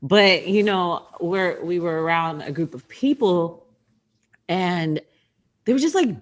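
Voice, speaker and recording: Woman, thirties, low-pitched voice, casual podcast co-host, animated storyteller. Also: slow. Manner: animated storytelling, acts out screams and quotes. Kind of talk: casual chat.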